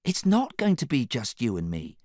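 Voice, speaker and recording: A man's voice: mid-range voice, wildly swooping pitch, moderate pace, darkish tone, no echo, clean studio sound, voice pushed up. A man voicing an earnest young princess who speaks with urgent emotion. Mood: hesitant.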